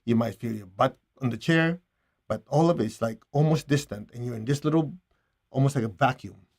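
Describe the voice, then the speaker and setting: Calm, gentle male meditation teacher. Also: mid-range voice, normal speed. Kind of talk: guided meditation and spiritual teaching.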